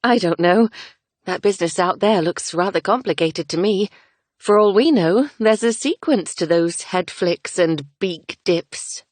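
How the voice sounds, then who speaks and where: A woman voicing a young woman in a romance audiobook, lively and wry, in a raised, bright tone. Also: on the low side, unhurried, no echo. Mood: playful.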